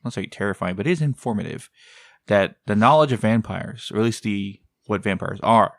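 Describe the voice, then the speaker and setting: A man with a low, gravelly voice co-hosts a podcast in loose, casual conversation. He wanders through his thoughts, doubling back mid-sentence. The sound is dry and close to the mic. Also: a little fast, dry recording. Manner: rambling, tangential. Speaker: podcast co-host. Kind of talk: casual chat.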